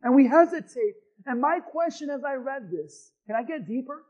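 A man preaching a sermon as pastor, swinging between quiet asides and shouted refrains. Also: very high-pitched, lively intonation, moderate pace, dull audio.

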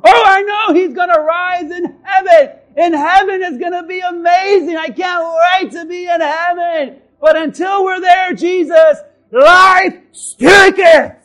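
A man putting on the voice of a complaining woman in a sermon, mocking and shouting her gripes. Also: very high-pitched, a little slow, hardly any pauses, soft background music, voice pushed up. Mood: whiny. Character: whiny complaining woman, Martha.

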